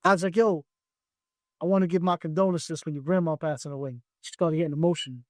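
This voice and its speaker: High-voiced man telling studio stories. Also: fast, no room sound. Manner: animated, acts out studio dialogue as he tells it. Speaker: music producer, podcast guest. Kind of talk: casual interview storytelling.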